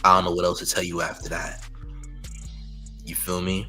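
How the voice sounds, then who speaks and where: A man's voice: deep voice, completely flat delivery, normal speed, over music, rough recording. A man hosting a live-stream news show, mocking a critic in loose slangy commentary and leaning on "champ" and "you heard".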